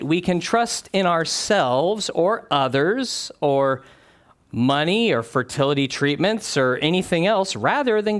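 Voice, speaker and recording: A man delivering a sermon in an animated way. His voice sits a little high and moves a lot, and he drops low and quiet when he acts out what someone said. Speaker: preacher.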